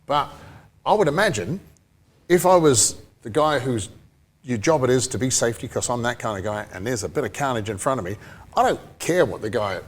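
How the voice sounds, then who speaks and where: A man's voice: medium pitch, lively intonation, fairly quick. A man from New Zealand co-hosting a motorsport podcast, rambling and chatty, often laughing. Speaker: podcast co-host. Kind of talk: casual chat.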